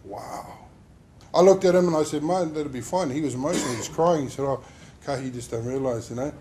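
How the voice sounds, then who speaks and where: A man's voice: a little high, fairly quick, mellow, slight background noise. A man telling an emotional personal story in a workplace safety talk. He rambles and uses many fillers as he speaks. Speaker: injured worker sharing his story.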